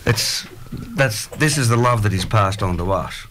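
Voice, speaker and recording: A middle-aged Australian man hosting a radio chat, rambling and halting with lots of fillers. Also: on the low side, lively intonation, fairly bright tone, slight background noise. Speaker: radio host. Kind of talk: casual chat.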